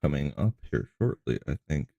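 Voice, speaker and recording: Male host, dark mellow gravelly voice, calm disapproving clip commentary, dry close sound. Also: extremely low pitch, moderate pace, no echo, lo-fi sound. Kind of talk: commentary on video clips.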